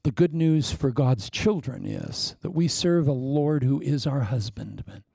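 Male preacher, fervent conversational sermon, dark tone, dry close sound. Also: medium pitch, big pitch swings, measured pace, creaky, slightly rough, dry recording. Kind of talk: sermon ending in prayer.

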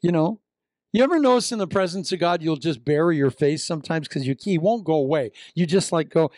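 An older man from Iowa preaching a sermon, telling the story with lively acted-out voices and asides. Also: fairly high pitch, a little fast, no echo, clean studio sound. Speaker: pastor.

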